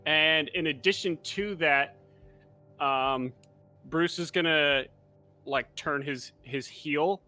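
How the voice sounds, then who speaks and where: A man playing a tabletop fantasy game, talking through his turn in halting bursts full of ums and uhs. His voice is higher than most men's and quite bright, with faint music in the background. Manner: halting, with many fillers. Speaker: player.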